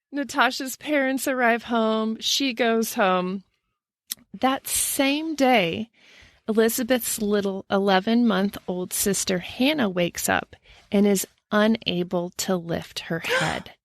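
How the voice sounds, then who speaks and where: Woman, podcast co-host, casual storytelling, close dry mic, gravelly voice. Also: a little high, takes it slowly, no room sound. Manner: laughs at her own slips.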